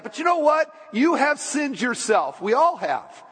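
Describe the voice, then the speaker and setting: A man preaching a sermon as a pastor, conversational, asking the congregation questions and making asides, then dropping low and quiet for solemn points. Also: huge pitch swings, measured pace, breathy edge. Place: church sanctuary. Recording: long church-hall reverb.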